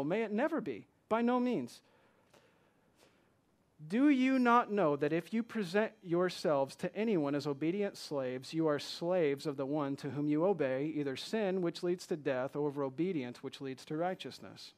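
A man preaching a sermon, slowing to read scripture and building to emphatic rhetorical questions. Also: a little high. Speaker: pastor.

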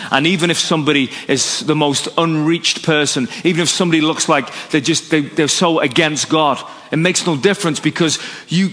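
Male preacher from Northern Ireland, slightly high voice, dynamic sermon delivery, big hall echo. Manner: dynamic preaching, drops low and soft for emphasis, rises for acted quotes. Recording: echoey hall recording.

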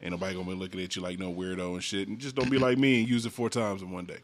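A man's voice: deep voice, fairly even intonation, rapid-fire. A man co-hosting a podcast in casual chat, rambling and profane, with lots of restarts. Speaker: podcast co-host.

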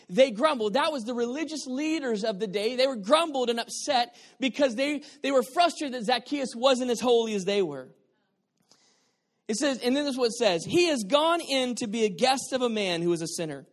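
Male pastor with a high voice, preaching. Swings between soft asides and loud emphatic points. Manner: repeats key phrases for emphasis. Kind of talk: sermon.

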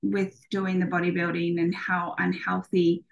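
A woman's voice: lowish voice, flat delivery, unhurried, gravelly, lo-fi sound. A woman in her thirties, a podcast guest, talking casually with many ums and restarts.

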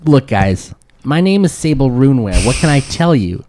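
A man's voice: mid-range voice, big pitch swings, normal speed, darkish tone, slight background noise, natural voice. A man voicing a snooty, whiny male fey noble in a tabletop game. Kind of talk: tabletop game role-play.

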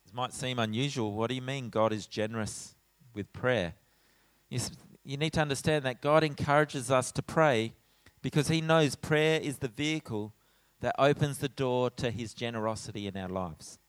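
A middle-aged man preaching a sermon in a church as pastor, animated, acting out his own lines when he tells stories. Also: mid-range voice, normal speed, smooth, no echo. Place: church hall.

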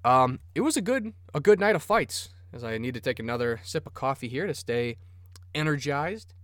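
A man's voice: medium pitch, lively intonation, normal speed, a bit bright, no echo, studio quality. A man hosting a sports podcast, rambling casually and cursing freely. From Minnesota. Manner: profane, rambling, enthusiastic. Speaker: podcast host.

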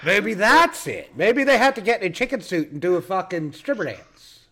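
Man, podcast co-host, profane, loud banter, slightly high voice. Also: sing-song, moderate pace. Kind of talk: casual chat.

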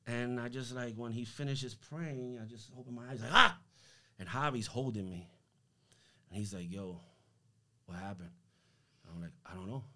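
A man giving a casual faith testimony as a podcast guest, slangy and animated, acting out what people said to him. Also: mid-range voice, moderate pace, long pauses. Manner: animated, slangy, acts out quoted dialogue.

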